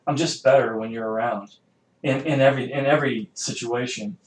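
A man's voice: mid-range voice, steady tone, fairly quick. A man who serves as a military chief, talking hesitantly with many fillers in a casual podcast conversation. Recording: roomy, faint ambience.

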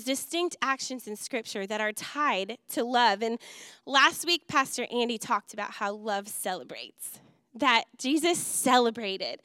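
Bright lively woman preaching. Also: on the high side, smooth, dry recording, studio quality. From Wisconsin. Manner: lively storytelling with laughs and acted quotes. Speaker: youth and missions pastor. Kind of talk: sermon. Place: church auditorium.

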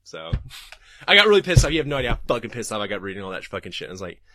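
A man's voice: fairly low pitch, sing-song, rapid-fire, sharp tone, no echo, studio quality. A man hosting a podcast and reading live chat, talking casually and profanely and laughing often.

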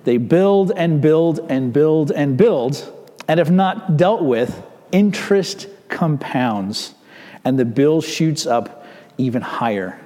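Pastor preaching in a reverberant hall. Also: male voice, fairly high pitch, animated, slow, dark tone. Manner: conversational, with rhetorical asides to the congregation. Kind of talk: sermon.

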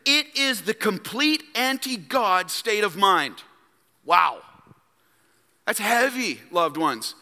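A man's voice: high-pitched, very animated, slow pace, sharp tone. A man preaching a sermon as pastor, emphatic and calling on the congregation to respond. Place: church sanctuary. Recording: long hall reverb.

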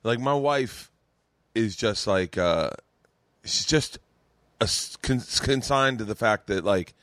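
A man's voice: lowish voice, expressive, slow, fairly bright tone, dry recording. A man in his forties hosting a comedy podcast, telling stories in a rambling way with many restarts and raised-voice quotes of other people. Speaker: podcast host. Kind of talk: casual storytelling chat.

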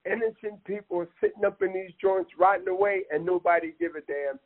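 Over a tinny phone line, a man talks a little fast in a high, steady voice. He's passionate and emphatic, rambles, and keeps addressing the listener as "man" in this impassioned casual chat.

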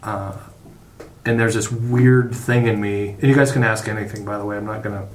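A middle-aged man, a podcast guest, talking casually in a halting, profane way with many restarts. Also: lowish voice, steady tone, a little hiss or hum. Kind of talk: casual conversation. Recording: roomy echo.

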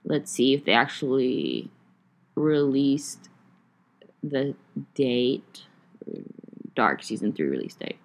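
A woman's voice: very deep voice, very animated, takes it slowly, gravelly, pauses often. A young woman hosting a casual solo podcast, rambling and chatty with lots of fillers and some swearing. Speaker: podcast host.

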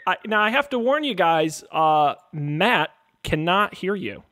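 Jokey stammery guy hosting, high-ish voice, dry mic. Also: very animated, unhurried, bright, forceful tone, dry recording. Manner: stammering, self-deprecating, laughs often. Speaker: co-host. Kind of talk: comedic podcast banter.

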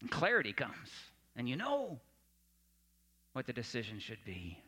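A man delivering a sermon with a bright, forward tone. He speaks earnestly at a middle pitch and often drops to a softer voice to press a point home. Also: huge pitch swings, unhurried, husky. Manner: earnest preaching, dropping soft for emphasis. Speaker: pastor.

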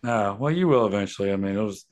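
A man's voice: on the low side, expressive, quick pace, darkish tone. A man co-hosting a casual podcast chat, laid-back, mostly joking and reacting. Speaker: podcast co-host.

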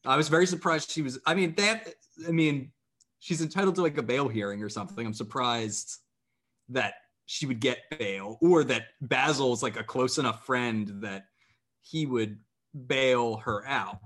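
A man co-hosting a podcast, recapping a TV episode in a measured, thoughtful way with lots of fillers. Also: mid-range voice, fairly bright tone. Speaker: podcast co-host. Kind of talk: casual chat recapping a TV episode.

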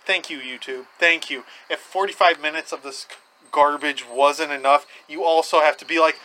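A man's voice: on the high side, steady tone, moderate pace, pushed and bright, slight background noise, poor audio. A man co-hosting a casual podcast, sarcastic and swearing freely as he rants. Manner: sarcastic, profane ranting. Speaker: podcast co-host. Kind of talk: casual chat.

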